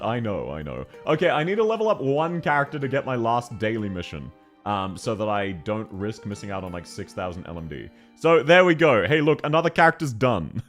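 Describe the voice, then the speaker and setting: A man's voice: mid-range voice, a bit bright. A young man, streaming a game and chatting casually, joking, laughing often and reading chat aloud. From Australia. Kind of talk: casual live-stream chat while gaming.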